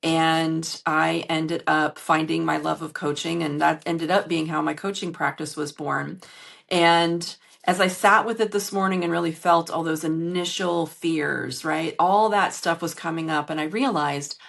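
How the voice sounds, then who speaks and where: A woman coach talks straight to her listeners in a candid solo podcast, earnest and openly emotional. Her voice sits low with a gravelly edge. It is recorded on a phone in a hotel room. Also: fairly even intonation, normal speed, a bit bright. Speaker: podcast host and business coach.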